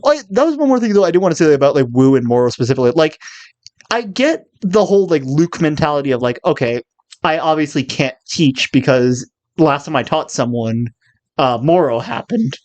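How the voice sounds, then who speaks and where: Young adult rambling happily in casual chat, middle pitch, dry close sound. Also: big pitch swings, a little fast, a little mellow, no room sound. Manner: chatty, rambling, good-humored. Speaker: co-host discussing a cartoon series.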